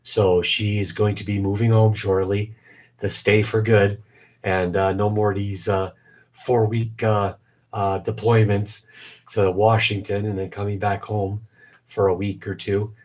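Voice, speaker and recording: A man's voice: on the low side, level tone, measured pace, darkish tone. A man in his forties hosting a casual live stream, rambling with many fillers, his voice weak and short of breath. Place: home basement shop.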